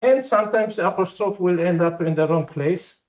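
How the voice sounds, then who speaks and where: A man giving an academic conference talk, speaking as a with frequent fillers and pauses. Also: high voice, a little mellow, dull audio. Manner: slow, halting, with many fillers. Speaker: conference presenter.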